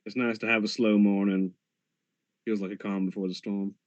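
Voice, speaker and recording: Low-voiced man role-playing in character, calm and teasing, on a dull close mic. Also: normal speed, no echo. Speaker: tabletop game player. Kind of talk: in-character role-play chat.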